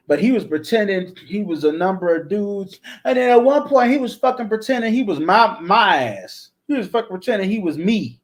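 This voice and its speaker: A man's voice: high voice, brisk, hardly any pauses. A man hosting his own channel, ranting in a blunt, profane, repetitive way. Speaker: channel host. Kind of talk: casual ranting commentary.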